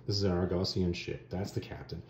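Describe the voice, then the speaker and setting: A man casually retelling a comic story as a reviewer, animated and slangy, with offhand asides. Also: sits low, brisk, roomy sound.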